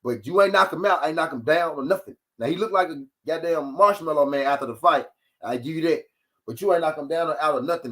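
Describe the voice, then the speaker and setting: A man hosting a live-streamed boxing talk show, ranting in an animated, profane and mocking way. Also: on the high side. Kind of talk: live-streamed sports commentary rant.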